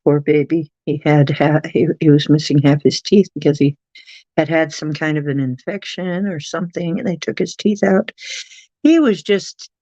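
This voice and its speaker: A livestream host chatting casually and at length, reading viewers' messages aloud and cooing softly at pets. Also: mid-range voice, moderate pace, no room sound, lo-fi sound. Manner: rambling, chatty, reads chat aloud.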